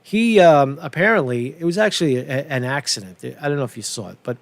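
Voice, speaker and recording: A man's voice: a little high, animated, brisk. A man hosting a casual commentary show, swearing a lot, repeating himself and checking in with "right?". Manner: profane, repetitive, asks "right?" often.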